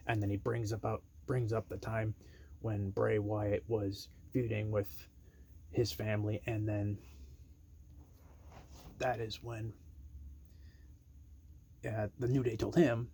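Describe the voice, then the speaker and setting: A man casually pitching an imagined storyline, rambling and acting out quotes in a raised voice. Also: level tone, measured pace, long pauses, darkish tone, a little hiss or hum.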